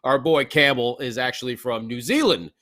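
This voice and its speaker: A man co-hosting a casual sports podcast, relaxed, reading out viewer comments and laughing along. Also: medium pitch, moderate pace, no room sound, studio quality. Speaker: podcast co-host.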